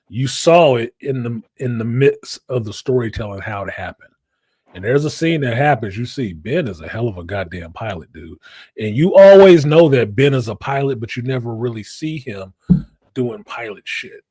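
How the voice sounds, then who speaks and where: A man hosting a casual pop-culture chat, animated and profane, with a husky voice. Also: mid-range voice, moderate pace, dry recording. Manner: animated, profane, puts on voices when quoting. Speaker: podcast host.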